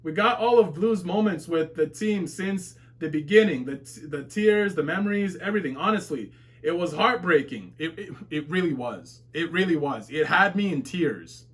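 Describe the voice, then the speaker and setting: Excitable man reacting to a webtoon. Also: a little high, normal speed. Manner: excitable, swears and shouts at plot twists, laughs often. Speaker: webtoon reaction streamer reading viewer comments. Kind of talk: casual live reaction, reading comments aloud.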